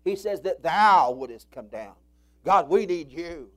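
A male preacher delivering an impassioned sermon, swinging from loud cries to low murmurs. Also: expressive, measured pace.

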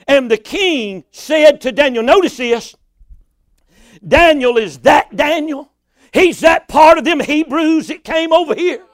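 A man preaching a sermon, building from steady reading to impassioned shouts and cries. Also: extremely high pitch, creaky, no echo.

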